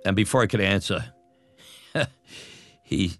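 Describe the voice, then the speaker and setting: A middle-aged man recounting an old memory in an interview, animated and acting out the voices of others. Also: deep voice, a little slow, faint music behind. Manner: animated, acts out quoted voices. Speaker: former batboy interviewee. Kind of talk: storytelling interview.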